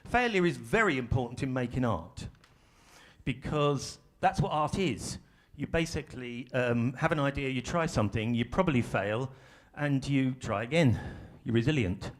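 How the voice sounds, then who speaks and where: A man's voice: medium pitch, lively intonation, moderate pace. A man leading a live workshop for an audience in a ballroom, in a conversational way with self-deprecating humor. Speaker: workshop facilitator. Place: large ballroom stage.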